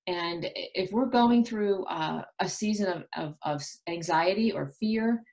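A woman's voice: on the low side, unhurried, creaky, a little mellow. A middle-aged woman, an author being interviewed on the radio, speaking earnestly and reflectively with frequent restarts. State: insomniac.

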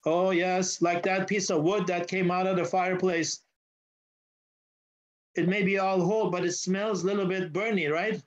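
A man's voice: high-pitched, level tone, normal speed. A male pastor preaching a sermon in church, telling a story and asking the congregation questions. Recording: dull lo-fi sound.

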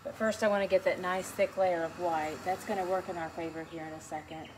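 A painting teacher walks beginners through a relaxed tutorial stroke by stroke, keeping things chatty and encouraging. Her pitch is fairly low, her tone steady, and her pace fairly quick, against noticeable background noise.

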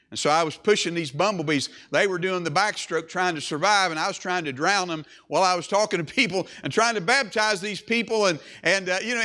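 A man's voice: high voice, bright, forceful tone. A man preaching a sermon as pastor, emphatic, with repeated phrases and swelling emphasis.

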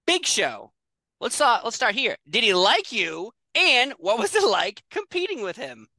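A male interviewer asking questions in an emphatic, lively way. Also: very high voice, measured pace, vocal fry, dry recording.

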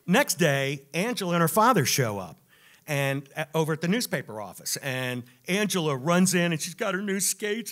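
Male live storyteller, wry and expressive, slightly high, lively delivery. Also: moderate pace. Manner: animated, wry, builds to punchlines. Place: music club stage.

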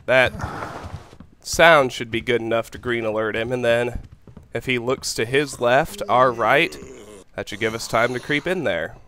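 Calm methodical man commentating gameplay. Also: medium pitch, unhurried. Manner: calm, methodical, planning aloud. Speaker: let's play host.

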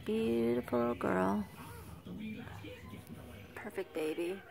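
An older woman, a grandmother babysitting, softly narrating a home video in an upstairs family room, often dropping to a whisper and coaxing the little ones. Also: medium pitch, slow pace, vocal fry, a crowd in the background. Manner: soft-spoken, often hushed to a whisper; coaxing, praising grandmotherly baby talk. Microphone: handheld phone camera.

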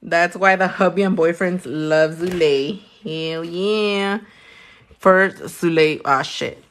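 A woman, a nail technician chatting loudly and crudely on a livestream while she works, teasing and laughing a lot. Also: lowish voice, slow pace. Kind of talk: casual livestream chat while doing nails. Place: her own room.

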